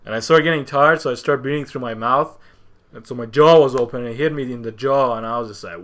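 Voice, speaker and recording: A man of average pitch, speaking as a guest on a podcast. He tells his story in a loose, casual way, stumbling over and repeating words as he goes. He keeps slipping into the voices of the people in his story. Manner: halting, with many restarts and repeated words; animated, acts out what others said.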